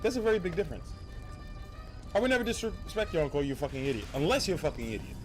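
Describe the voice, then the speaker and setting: A man streaming a game, talking in animated, profane, rambling banter. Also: on the high side, racing. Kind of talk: casual gaming stream talk. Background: faint game music.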